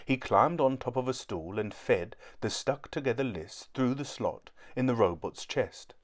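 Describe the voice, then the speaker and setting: A man reading a children's book aloud in a clear, steady storytelling manner. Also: medium pitch, unhurried.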